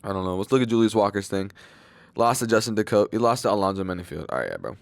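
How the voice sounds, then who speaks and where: A man's voice: on the low side, expressive, rapid-fire, creaky. A young man giving casual, rambling fight predictions, loose and slangy, with lots of fillers and swearing. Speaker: MMA fight predictions channel host.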